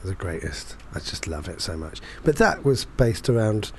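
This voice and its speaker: A man's voice: low voice, very animated, moderate pace, a little mellow, a little hiss or hum. Rambling, filler-heavy male storyteller. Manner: rambling anecdotes with many fillers. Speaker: performance poet. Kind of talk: casual chat.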